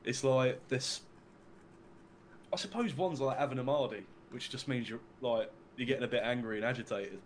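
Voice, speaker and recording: A man's voice: mid-range voice, normal speed, a little hiss or hum. A young man with an English accent chatting casually, rambling and filling his talk with "like" and the odd swear word. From England. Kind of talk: casual chat.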